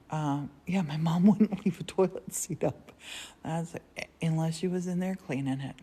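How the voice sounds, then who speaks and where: A woman hosting a casual live stream, telling rambling stories with frequent laughs from a quiet converted church studio. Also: deep voice, a little hiss or hum. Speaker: livestream host. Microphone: phone livestream.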